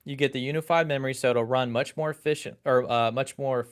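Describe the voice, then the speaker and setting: A man's voice: mid-range voice, fairly even intonation, quick pace. A man co-hosting a tech podcast, easygoing and casual, often searching for words and repeating himself. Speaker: podcast co-host.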